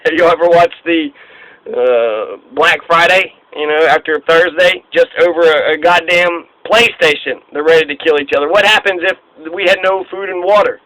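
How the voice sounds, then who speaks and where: Brief: man, fairly high bright voice, sarcastic, swears freely, dry close sound. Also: normal speed, no echo, rough recording. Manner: blunt, profane, sarcastic. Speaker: history lecturer. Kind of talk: informal history talk.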